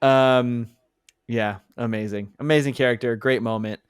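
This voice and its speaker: A man's voice: mid-range voice, fairly even intonation, moderate pace, smooth, no room sound, studio quality. A man co-hosting a casual podcast, talking with enthusiasm and laughing often as he quotes scenes. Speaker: podcast co-host. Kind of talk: casual chat.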